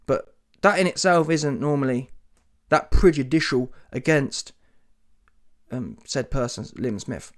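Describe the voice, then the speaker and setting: A man's voice: medium pitch, unhurried. A British man, talking solo about boxing in a combative, mocking, slangy rant. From Britain. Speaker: boxing commentator.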